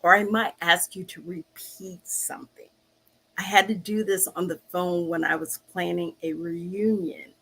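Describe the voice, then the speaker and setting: A woman talking casually to her viewers, slow and searching, often restarting her sentences. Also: lowish voice, creaky, fairly bright tone. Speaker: vlog host. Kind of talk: casual personal talk to camera.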